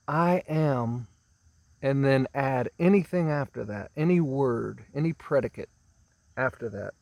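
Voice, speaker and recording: A man giving a spiritual teaching talk, speaking slowly and emphatically, drawing out and repeating words and often clearing his throat. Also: medium pitch, darkish tone, no echo. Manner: slow, emphatic, drawn-out phrasing with repeated words.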